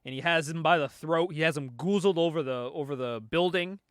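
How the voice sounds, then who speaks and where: A man's voice: fairly high pitch, a little fast, clean tone, no echo, clean studio sound. A man casually recapping a comic book, laughing often and acting out the lines he quotes. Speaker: podcast co-host.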